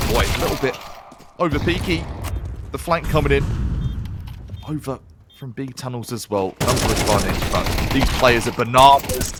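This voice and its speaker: A man calling a competitive shooter match as play-by-play caster, with lively, punchy calls and slang. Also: medium pitch, heavy background noise. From Canada. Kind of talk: esports play-by-play commentary.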